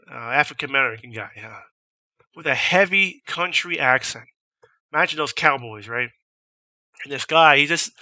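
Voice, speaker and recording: A young man casually telling a profane, animated story and mimicking shouted orders as a vlogger. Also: mid-range voice, no room sound. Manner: profane, animated, imitates drill instructors shouting.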